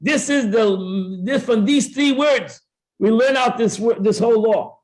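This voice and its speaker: A man's voice: very high voice, measured pace. A man teaching a Torah class, acting out both sides of a dispute and often repeating himself as he explains. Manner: repeats words and restarts often. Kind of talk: classroom Talmud lesson.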